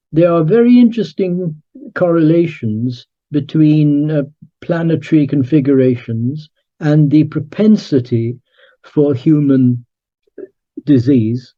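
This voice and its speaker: A man speaking as an author and guest in an interview, measured and emphatic, as if lecturing. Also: a little high, lo-fi sound. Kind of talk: conversational interview.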